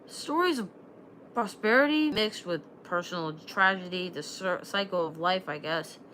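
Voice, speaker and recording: A woman reading aloud from a novel, voicing a thoughtful, earnest man who talks in a halting, reflective way. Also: on the low side, fairly bright tone, slight background noise, natural voice, poor audio.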